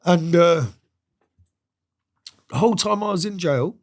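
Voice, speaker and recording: A man's voice: high-pitched, measured pace, gravelly, a little mellow. A man, a podcast guest telling a story in a casual interview. He talks in a streetwise way, swears freely and acts out the voices of the people he quotes.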